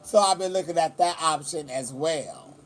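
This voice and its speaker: A man in his forties from California holds forth in a casual vlog, his voice sitting a touch high. He tells things in a chatty, foul-mouthed way, with faint outdoor ambience behind him at the beach. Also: normal speed, slight background noise. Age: 40s. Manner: chatty, profane storytelling. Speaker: vlogger. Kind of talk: casual chat.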